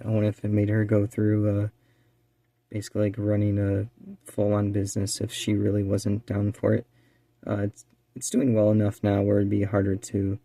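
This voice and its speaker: Chill guy rambling as he works, lowish mellow voice, dry close sound. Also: no room sound. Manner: rambling, relaxed, many fillers; drops to a quiet near-whisper while focusing. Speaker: eBay reseller and channel co-host. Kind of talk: casual chat while doing a craft task.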